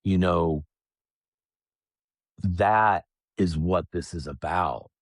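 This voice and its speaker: A man speaking as a podcast guest, telling his own story in a plain, calm and reflective way. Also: deep voice, extremely slow, no room sound, studio quality. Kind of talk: candid personal storytelling.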